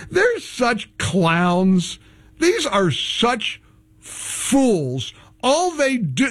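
A man's voice: high-pitched, fairly bright tone. A man hosting a talk radio show, delivering political commentary in a mocking, sarcastic way.

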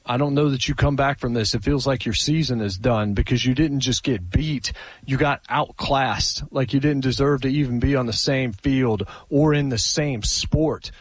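A man co-hosting a sports talk show, opinionated and animated, often restarting his sentences. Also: medium pitch, moderate pace, slightly rough, no room sound, rough recording.

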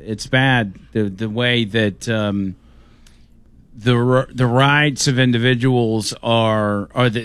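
A male radio host speaks at a middle pitch in a dry, close studio sound. He weighs his words and often stops to restart a phrase. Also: a bit bright, no echo. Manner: measured, halting, with many restarts. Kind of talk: radio talk commentary.

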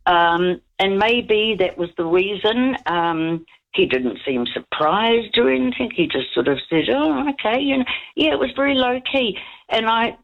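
A woman's voice: mid-range voice, lively intonation, a little slow. A woman, calling into a radio show and telling a rambling story while giggling. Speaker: caller. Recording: dull lo-fi radio call line.

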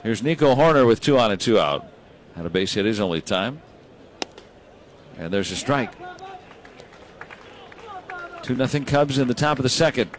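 A man calling baseball play by play, brisk and rising when big plays happen. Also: medium pitch, lively intonation, a little hiss or hum. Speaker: play-by-play announcer.

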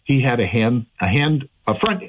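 Husky guy on a crackly phone line rambling about guns on the radio, lots of uhs and restarts. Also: medium pitch, sing-song, normal speed. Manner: rambling, many restarts and fillers, chuckles at himself. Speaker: radio show firearms expert. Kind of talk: casual radio talk.

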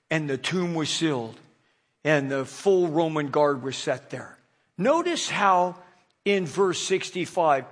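Animated preacher, high voice. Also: male voice. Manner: animated, jokey, acts out quoted figures. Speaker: pastor. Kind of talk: sermon.

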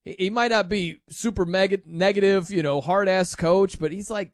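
High-voiced chatty sports radio host man. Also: normal speed, no echo. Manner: chatty, animated, laughs often. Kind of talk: casual sports talk radio.

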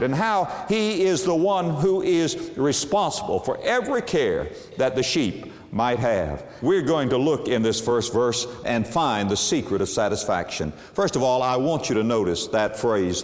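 Man preaching in a reverberant hall. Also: animated. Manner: emphatic, with sweeping pitch swings and drawn-out words. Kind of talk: sermon.

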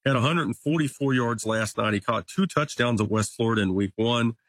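Husky man breaking down football stats. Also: medium pitch, a little fast, no echo. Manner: stat-heavy, conversational, occasional restarts. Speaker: local sports reporter guest. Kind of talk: casual sports analysis.

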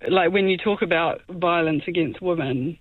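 A woman's voice: on the low side, normal speed, no room sound. Thoughtful woman caller, phone line. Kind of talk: casual phone-in chat.

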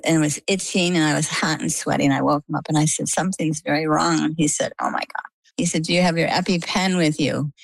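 Low, gravelly-voiced middle-aged woman storyteller. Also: no echo, rough recording. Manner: chatty, vivid storyteller who acts out quoted dialogue. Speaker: interview guest. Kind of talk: storytelling in an interview.

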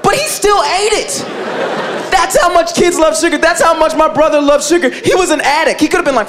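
A man doing stand-up comedy, telling a story in a lively, filler-heavy way. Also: extremely high pitch, a little fast, a crowd in the background. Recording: live club set with audience laughter.

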